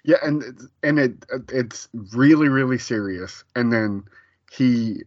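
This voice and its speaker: A man co-hosting a podcast in relaxed casual chat, laughing often as he talks. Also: medium pitch, slow, dry recording, highs cut off. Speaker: podcast co-host.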